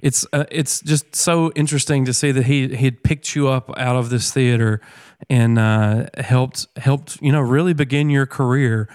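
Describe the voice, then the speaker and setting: A man hosting an interview, asking questions in a rambling way with frequent pauses. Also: medium pitch, steady tone, a little mellow, no echo, studio quality. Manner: rambling, hesitant, many "uh" and "um" pauses. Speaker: interview host. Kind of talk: casual interview chat.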